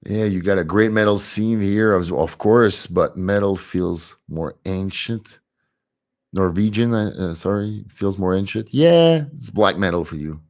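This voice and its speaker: A man chats casually on a live stream, replying to viewer comments and laughing easily. His voice sits fairly low. He takes his time with every phrase. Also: unhurried, a little mellow. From Montreal, Canada. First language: French.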